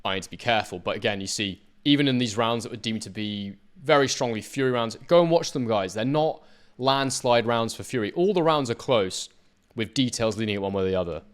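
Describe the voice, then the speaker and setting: A man's voice: medium pitch, animated, fairly quick, clear, resonant tone. A man analysing boxing footage, speaking emphatically and addressing his viewers directly. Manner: emphatic, talks straight to viewers. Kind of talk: talking over fight footage.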